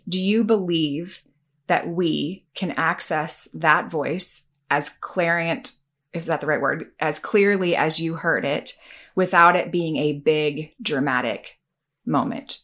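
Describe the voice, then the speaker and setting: A woman's voice: sits low, slow, fairly bright tone. A woman hosting a podcast, asking curious, conversational follow-up questions. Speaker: podcast host. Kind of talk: conversational interviewing.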